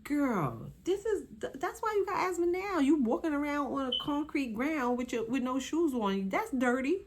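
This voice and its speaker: A woman's voice: on the high side, big pitch swings, normal speed. A young woman hosting her channel and reviewing a reality show in casual, sassy talk, exclaiming and scolding the cast directly.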